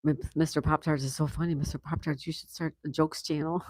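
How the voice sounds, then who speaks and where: A man's voice: a little high, little pitch movement, quick pace, darkish tone, dry recording. A man hosting a casual livestream, reading viewer comments aloud and reacting with easy laughs. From United States. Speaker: livestream host reading chat. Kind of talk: casual live chat.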